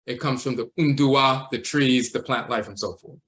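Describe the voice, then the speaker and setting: A man teaching a livestream lecture, walking slowly through words and terms, repeating them and often tacking on "and so forth.". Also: mid-range voice, a bit bright. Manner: measured, repeats terms and says "and so forth" a lot. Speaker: teacher of a spiritual tradition.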